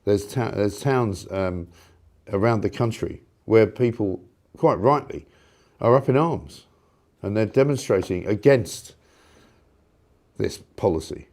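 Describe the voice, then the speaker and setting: A man hosting a live talk show, delivering a sarcastic, indignant opinion rant with loud outbursts. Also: medium pitch, a little slow.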